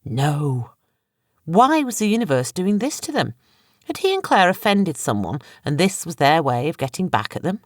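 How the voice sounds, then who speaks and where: A woman narrating an audiobook in a dramatic, measured storytelling manner. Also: deep voice, very animated, dry recording, clean studio sound. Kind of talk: scripted narration.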